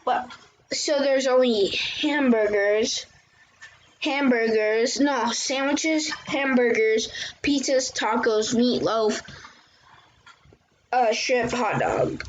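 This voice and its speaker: This woman's voice sits fairly high, and she talks slowly with long pauses while hosting gameplay commentary for her channel. Chatty and casual, she exclaims and reacts to what happens in the game, captured on a muffled, lo-fi recording with faint hiss.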